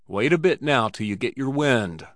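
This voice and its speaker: A man's voice: medium pitch, lively intonation, normal speed, no room sound, clean studio sound, close to an everyday voice. A man playing a stern old father. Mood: tender, anxious. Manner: stern, commanding. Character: old Irish-sounding hotel keeper, stern then tender father.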